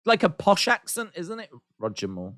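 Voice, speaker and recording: A man hosts a live watch-along stream in easy, casual chat, reading viewer comments aloud and answering them with playful teasing. His voice sits a little high and sounds bright and forceful. The sound is dry and close, with no room echo. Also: wildly swooping pitch, normal speed. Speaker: livestream host.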